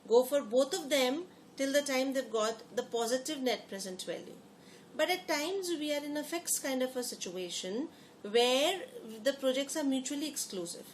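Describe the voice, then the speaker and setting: Woman, somewhat high voice, repeating herself, quizzing students, faint background hiss. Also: lively intonation, normal speed. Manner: repeats phrases and asks the class questions. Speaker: teacher. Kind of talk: lecture explaining to students.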